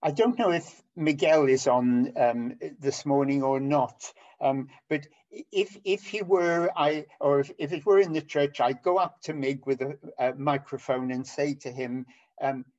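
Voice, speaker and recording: Older male preacher, slow and halting, muffled lo-fi audio. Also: a little high, a little mellow. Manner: halting, with many ums and restarts. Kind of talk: sermon over an online call. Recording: dull lo-fi audio.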